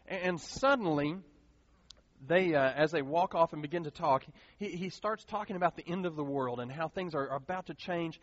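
A man preaching a sermon as pastor, earnest and animated, repeating key phrases for emphasis. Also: on the high side, moderate pace, no room sound. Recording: dull lo-fi sound, dry.

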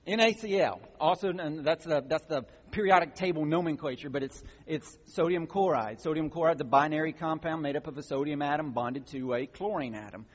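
A man with a fairly high, husky voice preaches a teaching sermon. He explains the passage plainly, then pushes into emphatic calls to action. The sound is muffled and rings with the long reverb of a large hall. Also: fairly quick, few pauses. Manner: teaching, builds to emphatic exhortations. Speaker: pastor.

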